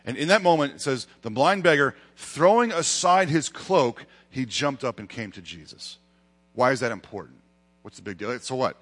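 A man's voice: medium pitch, animated, moderate pace, a bit bright. A male pastor preaching a sermon, with emphatic rises and dramatic retellings of scripture. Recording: long hall reverb.

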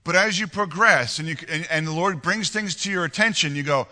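A man in his forties preaching a sermon and telling a personal story, earnest and animated, often restarting and repeating words. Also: fairly high pitch, brisk, big-room sound. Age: 40s. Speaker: pastor.

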